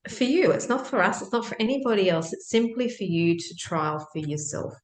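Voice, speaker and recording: A middle-aged woman co-hosting a podcast, telling stories in a lively, emphatic way and laughing often. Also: mid-range voice, brisk. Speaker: podcast co-host. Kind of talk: casual chat, anecdotal storytelling. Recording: echoey room.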